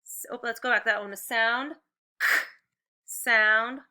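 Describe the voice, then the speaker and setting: Woman, first-grade teacher, phonics drill, very bright voice, crisp slow prompts, encouraging. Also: a little high, steady tone. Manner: encouraging, upbeat praise. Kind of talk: phonics lesson video for students at home.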